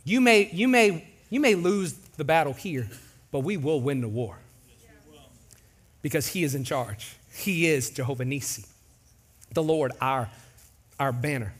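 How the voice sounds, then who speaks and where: A man preaching a sermon as pastor in a large church, animated and jokey, acting out voices. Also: on the high side, a little slow, long pauses, husky.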